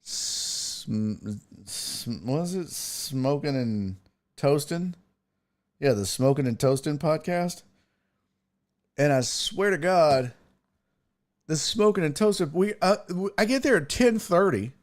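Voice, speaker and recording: A man's voice: a little high, takes it slowly. A man hosting a sports podcast, telling a rambling, profane story in casual chat. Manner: rambling, profane storytelling with animated quoted asides.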